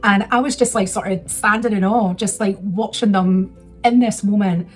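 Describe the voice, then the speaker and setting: A woman in her thirties chats through a personal story, rambling and restarting, getting emotional as she goes. Her voice sits at an ordinary middle pitch. Faint music plays in the background. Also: fairly even intonation, normal speed. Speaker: vlogger. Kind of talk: casual storytelling.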